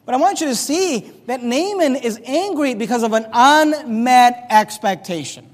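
A pastor delivers an animated sermon in a very high voice, reading scripture and playing out its characters. His words ring through a church hall with a long reverb tail. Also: normal speed. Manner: animated preaching, reads scripture aloud, acts out characters.

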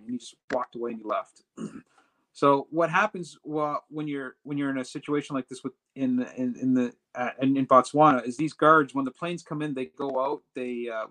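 A man telling a personal story in a casual, animated way, acting out the dialogue as he goes. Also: mid-range voice, low-quality recording. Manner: animated retelling that acts out quoted dialogue. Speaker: storyteller recounting a personal trip.

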